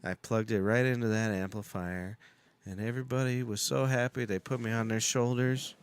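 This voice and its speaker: A man's voice: fairly low pitch, fairly even intonation, normal speed, clear, resonant tone. A man hosting a casual podcast chat, telling rambling stories and swearing freely. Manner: rambling storyteller, swears a lot. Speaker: podcast host.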